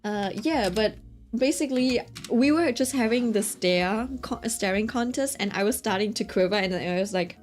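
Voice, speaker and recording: A young woman telling a chatty, animated story to her stream audience, often checking in with her listeners. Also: mid-range voice, normal speed, soft background music. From Britain. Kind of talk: casual storytelling chat.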